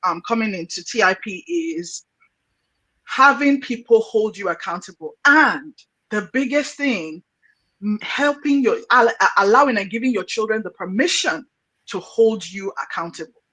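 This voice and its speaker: A woman's voice: mid-range voice, lively intonation, moderate pace, sharp tone, poor audio. A woman hosting an interview, affirming her guest and thinking aloud with frequent restarts. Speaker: podcast host. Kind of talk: conversational interview.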